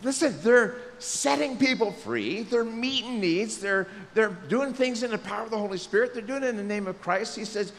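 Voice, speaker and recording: Pastor guy preaching, high voice all over the place, goofy bits, church echo, faint noise behind. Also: moderate pace, few pauses. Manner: lively, joking, acts out quotes in voices. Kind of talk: sermon. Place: church sanctuary.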